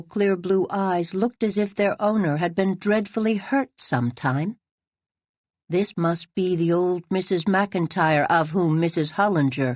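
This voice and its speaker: A woman narrating an audiobook of a classic novel in a measured, even storytelling manner. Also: on the low side, no echo. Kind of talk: scripted narration.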